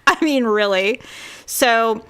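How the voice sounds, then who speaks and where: A woman's voice: a little high, takes it slowly, clean tone. A woman co-hosting a podcast, telling a story in casual chat, acting out quotes and laughing often. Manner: animated, acts out quotes with voices, laughs often. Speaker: podcast co-host.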